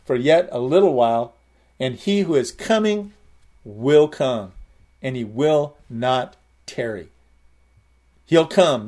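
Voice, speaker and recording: A man's voice: mid-range voice, darkish tone. A man preaching a sermon, explaining Greek words and repeating key phrases with emphatic rises. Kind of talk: sermon with word study.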